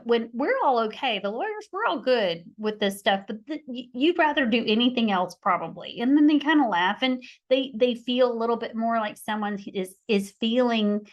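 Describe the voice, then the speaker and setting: Middle-aged woman mediator explaining conflict stuff, kinda high voice, hammers her points by saying them twice. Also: muffled recording. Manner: emphatic, repeats key phrases for stress. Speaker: mediator and conflict resolution instructor. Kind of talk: podcast teaching talk.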